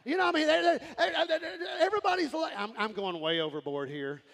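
A man preaches with a high, gravelly voice. His sermon is animated, and he often breaks into shouts. A long reverb from the sanctuary and a faint congregation sit behind him. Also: fast. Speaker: pastor. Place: large church sanctuary. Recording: crowd in a reverberant church hall.

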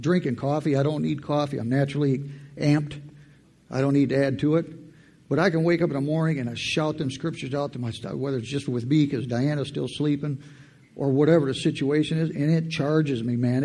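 A man's voice: on the high side, steady tone, fairly quick, creaky, mellow, husky. A man giving a testimony sermon in church, telling a personal story and building to fired-up preaching with call-and-response. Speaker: lay preacher.

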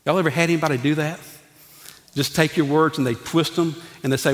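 Folksy pastor preaching in a hall. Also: male voice, fairly high pitch, a little fast. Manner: folksy, animated preaching with asides to the congregation. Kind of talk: sermon. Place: church sanctuary. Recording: long reverb of a church hall.

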